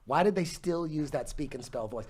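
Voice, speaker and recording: A man in his forties tells a rambling story at a loose, animated clip, peppering it with swearing and laughter. His voice sits a touch high for a man, and the talk is casual and unscripted. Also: moderate pace, breathy edge. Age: 40s. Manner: profane, animated, laughs while telling. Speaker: podcast guest telling a story.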